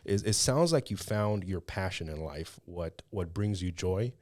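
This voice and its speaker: Male podcast host, lowish voice, lively storyteller, dry close mic. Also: a little slow, no echo. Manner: laughs a lot, animated storytelling. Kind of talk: casual interview chat.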